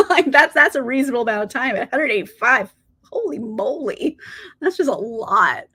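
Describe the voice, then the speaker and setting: A woman's voice: a little high, animated, moderate pace, sharp tone, husky. A woman hosting a reading live stream, chatting casually with viewers. She laughs often and swears now and then.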